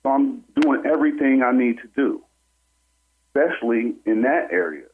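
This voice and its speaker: A man calling in to a radio show, telling a personal story in an animated way and acting out what other people said. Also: medium pitch, normal speed, a little hiss or hum. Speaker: caller. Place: on a phone call into a radio show. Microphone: telephone. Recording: tinny phone line.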